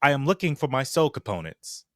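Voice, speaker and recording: A man voicing a clipped, emotionless robotic construct in a tabletop game, speaking in flat, machine-like reports. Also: medium pitch, brisk, no room sound, studio quality, voice pushed up. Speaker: player. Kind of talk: tabletop role-play.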